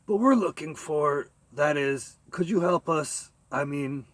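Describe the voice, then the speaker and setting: A man's voice: a little high, expressive, unhurried, fairly bright tone, slightly rough, no room sound, voice pushed up, full character voice. A man voicing a bewildered spaceship captain who stammers and pleads with a stranger. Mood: pleading. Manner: uncertain and pleading. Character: flustered male spaceship captain, middle-aged.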